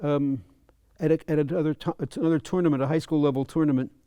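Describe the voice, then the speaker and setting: Brief: male fencing coach at a clinic, mellow tone, fairly high voice, halting and repetitive. Dry sound. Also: fairly even intonation, smooth, dry recording. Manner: halting, repeats words, chuckles. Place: fencing center.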